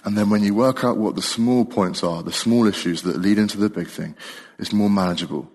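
A man's voice: lowish voice, fairly quick, darkish tone, big-room sound. A young man preaching a sermon in a casual, chatty way, often laughing as he talks. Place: church.

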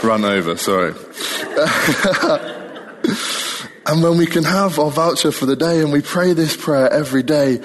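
A man's voice: fairly low pitch, in a large hall. A young man preaching a sermon in a casual, chatty way, often laughing as he talks. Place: church.

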